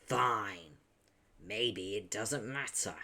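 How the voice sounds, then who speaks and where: A man voicing a stoic young man with a deep Texan drawl, slow and menacing, sometimes dropping to a whisper, in a comic read-aloud. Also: pushed and bright, full character voice. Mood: stubborn.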